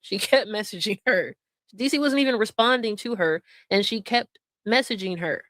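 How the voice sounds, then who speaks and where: A woman's voice: medium pitch, moderate pace, fairly bright tone, dry recording. A woman hosting drama commentary, sarcastic and laughing as she mocks and mimics others. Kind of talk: mocking commentary over stream clips.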